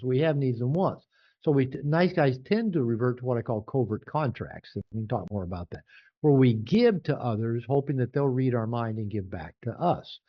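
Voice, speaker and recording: Older guy chatting in an interview, acts out little quotes in a higher voice, kinda dull lo-fi sound. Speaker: author and guest. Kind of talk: casual interview storytelling.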